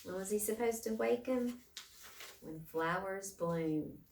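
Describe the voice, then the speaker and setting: Woman teacher, slow patient read-aloud with questions for the class, roomy room, set back from the mic. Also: medium pitch, darkish tone, distant mic, a little hiss or hum. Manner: clear, asks the class questions. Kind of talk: reading a picture book to a class.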